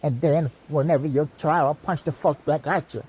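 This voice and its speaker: A man's voice: on the high side, fairly even intonation, normal speed, darkish tone, slightly rough, rough recording. A man delivering an impassioned, profane monologue, lecturing like a teacher and repeating "you know what I mean". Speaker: self-styled teacher vlogger.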